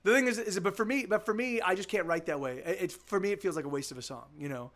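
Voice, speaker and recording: A man's voice: high voice, fast, fairly bright tone. A man who is a musician, chatting casually on a live stream, rambling and restarting his sentences, laid-back and profane. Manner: rambling, with many restarts and repeated words. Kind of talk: casual chat.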